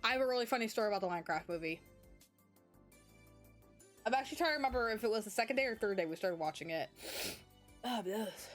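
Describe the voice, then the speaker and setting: Young woman streamer, kinda high voice, super bouncy, giggly and yawny. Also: lively intonation, quick pace, pauses often, soft background music. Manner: giggly, rambling, with frequent fillers. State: yawning, sleepy. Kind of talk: casual chat.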